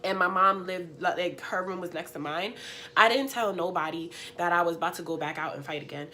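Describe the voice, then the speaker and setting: A young woman vlogger, sniffly and unwell, telling a story in an animated, slangy, emphatic way. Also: fairly low pitch, brisk, slight background noise. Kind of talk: story time.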